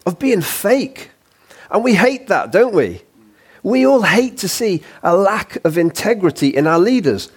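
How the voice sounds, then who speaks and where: A man's voice: high voice, darkish tone, slightly rough. A man preaching a sermon as a guest speaker, in a chatty, informal way with rhetorical questions.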